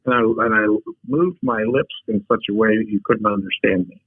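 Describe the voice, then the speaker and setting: Husky man telling stories down a tinny line. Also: on the low side, dry recording. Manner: humorous, unhurried storyteller. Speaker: podcast guest. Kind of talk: casual storytelling. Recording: dry, tinny phone-like line.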